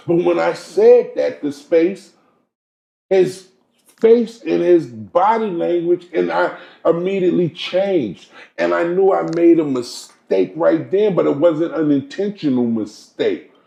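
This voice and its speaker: A man's voice: fairly high pitch, creaky, warm tone, echoey room, dull audio. A man hosting a podcast, telling a story in casual, emphatic chat with lots of asides. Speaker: podcast host.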